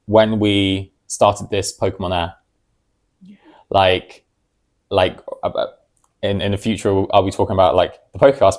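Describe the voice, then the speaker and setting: A man co-hosting a casual podcast, talking in halting bursts with frequent ums and restarts and easy laughter. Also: on the low side, darkish tone. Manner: hesitant, many ums and restarts, laughs easily. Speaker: podcast co-host.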